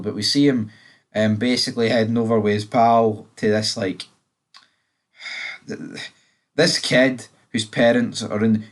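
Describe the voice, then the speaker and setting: Male reviewer, lowish voice, loose and profane, off-the-cuff recap energy. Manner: blunt, rambling, swears freely. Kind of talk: casual episode review.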